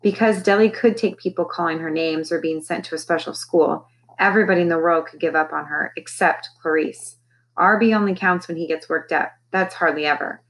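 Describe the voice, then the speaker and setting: A woman's voice: on the low side, fairly quick, a bit bright. A woman, a teacher, reading a children's novel aloud expressively and raising her voice for the characters' lines.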